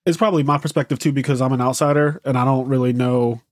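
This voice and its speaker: A man's voice: mid-range voice, steady tone, fast talker, no echo, studio quality. An American man hosting a podcast in casual, filler-heavy, blunt chat. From United States. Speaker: podcast host.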